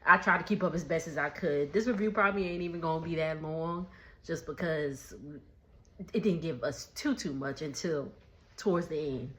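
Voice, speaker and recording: A woman's voice: sits low, normal speed, a bit bright. A young woman casually recapping a TV episode from her kitchen, chatty and laughing often, with slangy speech. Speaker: recap vlogger. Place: home kitchen dining area.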